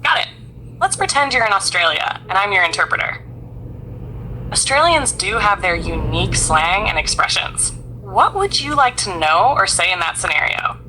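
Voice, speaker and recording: A woman's voice of an AI assistant, polite, even and helpful. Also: mid-range voice, normal speed, slight background noise. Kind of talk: synthetic assistant speech.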